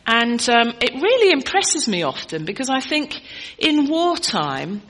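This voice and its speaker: Middle-aged woman preacher, bright clear voice, chatty teaching sermon style. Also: fairly high pitch, big pitch swings, a little slow, poor audio. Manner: conversational, teaching, asks the congregation questions.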